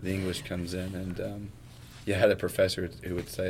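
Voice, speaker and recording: A man with a fairly low voice talks as a pastor in an easygoing chat. He is earnest and thinks aloud, stumbling over and repeating words. A faint hum of noise sits under him. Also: little pitch movement, brisk. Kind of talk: casual podcast conversation.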